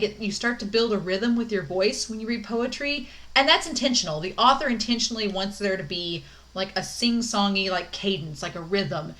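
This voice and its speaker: A woman's voice: medium pitch, fairly bright tone. A young woman giving a recorded college English lecture, chatty and upbeat with many "um"s and "like"s.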